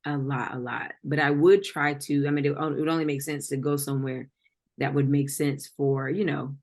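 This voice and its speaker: A woman's voice: very deep voice, flat delivery, normal speed, a little mellow. A woman co-hosting a podcast, chatting casually in a blunt, profane and joking way. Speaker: podcast co-host. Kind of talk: casual chat.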